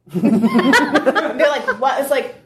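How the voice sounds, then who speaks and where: Woman telling lively stories on a panel. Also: medium pitch, moderate pace. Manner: lively storyteller, acts out quoted dialogue. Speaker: convention panelist. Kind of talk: panel discussion, anecdotal and animated. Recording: roomy convention room with faint noise.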